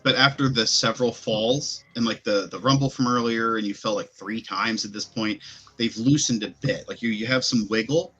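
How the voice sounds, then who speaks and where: A man's voice: lowish voice, moderate pace, bright, forceful tone, husky. A man narrating a tabletop game as game master, describing sounds in loose, rambling sentences full of fillers. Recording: faint music behind.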